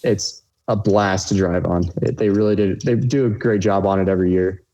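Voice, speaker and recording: A man's voice: deep voice, fairly even intonation, normal speed, mellow. A young man, a racecar driver guest, telling a race story in an easygoing way on a casual podcast.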